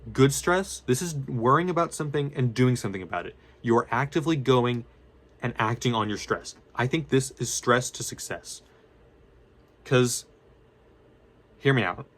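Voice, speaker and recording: Young man, student vlogger, mid-pitched, rambling casual talk, restarts a lot, drops slang. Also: lively intonation, normal speed, fairly bright tone. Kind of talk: casual unscripted talk to camera.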